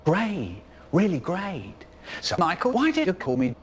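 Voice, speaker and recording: Man doing a dismissive friend, soft and lively-pitched, comedy edit. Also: a little slow, a little hiss or hum, full character voice. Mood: bored. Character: weary, dismissive male friend George.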